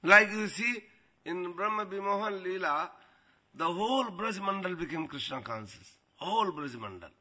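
A man giving a devotional storytelling talk as a spiritual teacher, animated and often laughing. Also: high-pitched, normal speed.

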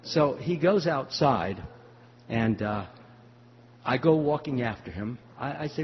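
A man's voice: mid-range voice, animated. Older man telling a devotional story. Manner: storytelling, acts out dialogue, halting with fillers. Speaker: spiritual teacher. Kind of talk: devotional talk answering questions. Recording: muffled hall recording with faint hum.

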